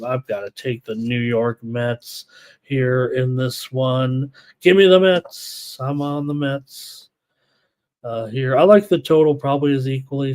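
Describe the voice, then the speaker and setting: Here the host of a live sports betting show speaks in a medium-pitched, darkish voice. He races through the stats and odds, reads viewer picks from the chat aloud, and drops casual asides along the way.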